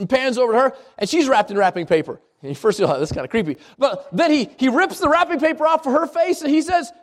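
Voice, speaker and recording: A man preaching a sermon, telling stories in an animated way with frequent restarts. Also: very high-pitched. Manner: animated storytelling with repeated restarts.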